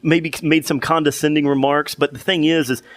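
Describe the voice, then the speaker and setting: A man's voice: fairly high pitch, level tone, a little fast, dry recording. A young man co-hosting a podcast, telling a long story in casual chat with many restarts and fillers. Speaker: podcast co-host.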